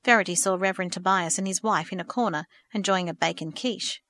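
A woman narrating a storybook in a steady, measured reading. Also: lowish voice.

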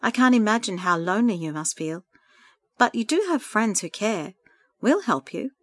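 A woman reading a story aloud, voicing a kind woman friend who speaks gently and encouragingly. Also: mid-range voice, big pitch swings, normal speed, no room sound, pitched above the performer's own voice. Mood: gentle.

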